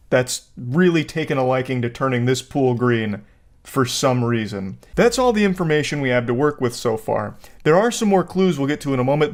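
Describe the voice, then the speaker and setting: A man giving casual comedic commentary, joking in a deadpan, mock-serious way. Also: medium pitch. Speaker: online commentator.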